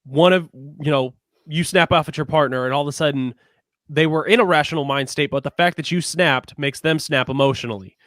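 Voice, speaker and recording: A man co-hosting a relationship podcast, talking casually in a halting, blunt way. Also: fairly high pitch, fairly bright tone, dry recording, studio quality. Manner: halting, restarts and fillers, blunt. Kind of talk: casual conversation.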